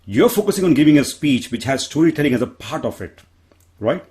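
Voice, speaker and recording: A man's voice: medium pitch, very animated, a little fast, darkish tone. A man from India with an Indian accent, answering as a panelist in a discussion, earnest and self-deprecating, often restarting his sentences. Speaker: panelist, public speaker.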